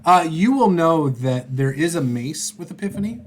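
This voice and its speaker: Guy running a tabletop game, slightly higher voice, casual and filler-heavy, bit of noise behind. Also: sing-song, moderate pace. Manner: casual, chuckling, lots of fillers. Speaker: game master.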